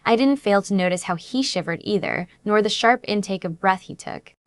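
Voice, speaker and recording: A woman reads a first-person romance story aloud, earnest and dramatic in her telling. Her voice sits at a middle pitch, and the recording is close and dry. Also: lively intonation, normal speed, no room sound. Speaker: audiobook narrator.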